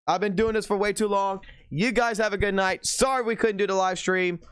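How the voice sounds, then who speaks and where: A man talks straight to his stream audience in a loose, casual way, swearing constantly as he rants. His voice sits a little higher than most men's. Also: fairly even intonation, brisk, hardly any pauses, fairly bright tone, clear, resonant tone. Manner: profane, ranting, heavy cursing. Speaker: game streamer, host. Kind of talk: casual livestream talk.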